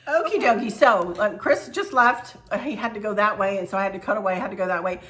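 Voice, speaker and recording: A woman's voice: mid-range voice, fast. A middle-aged woman talks straight to her viewers in a loose, rambling vlog chat. She keeps her tone effusive and friendly and jumps from one thought to the next as she goes. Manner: chatty, rambling, warm and effusive. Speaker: channel host. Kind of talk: casual chat to camera.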